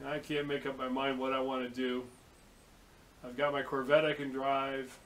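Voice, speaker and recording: Delivered flatly at normal speed, this man's mid-range, slightly bright voice is captured on poor audio. A vlogger from the San Francisco Bay Area, USA, he talks casually in a vehicle, rambling and swearing through stories that include quoted dialogue.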